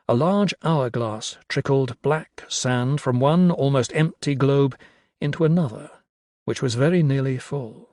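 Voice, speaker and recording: A man narrating a horror story with slow, expressive storytelling. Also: mid-range voice, no echo, studio quality. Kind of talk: dramatic audiobook narration.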